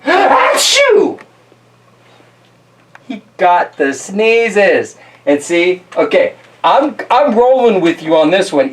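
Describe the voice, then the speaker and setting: A chatty man reads a picture book aloud in a loose, casual way, laughing often and breaking off for jokey asides. His voice rises and falls with plenty of animation. He sounds a bit distant from the mic. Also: a little high. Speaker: storyteller host.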